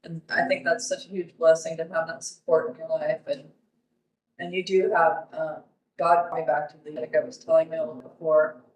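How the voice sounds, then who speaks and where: Woman, podcast host, supportive, slightly low voice, echoey distant sound. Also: flat delivery, normal speed, a little mellow. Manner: supportive, faith-focused, with short affirmations. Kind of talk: casual interview. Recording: roomy, distant mic.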